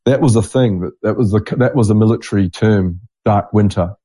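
A man's voice: fairly low pitch, brisk, mellow, no room sound. A middle-aged man, a podcast host talking in a rambling, blunt, digressive monologue. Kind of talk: casual monologue.

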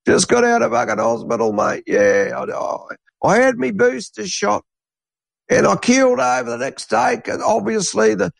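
A man's voice: very high voice, lively intonation, moderate pace, gravelly, no room sound, pitched above the performer's own voice, exaggerated voice. A man voicing a gullible Australian man in his eighties with a broad accent, chatty and drawling and casually swearing. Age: 80s. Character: gullible elderly Aussie bloke in his eighties.

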